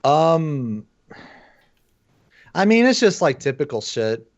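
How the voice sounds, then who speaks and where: A man rants bluntly and profanely as a podcast guest, his fairly high voice swinging up as he gets worked up. The sound is dull and lo-fi, recorded dry with no room echo. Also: takes it slowly. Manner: blunt, profane, animated ranting with laughs. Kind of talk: casual podcast chat.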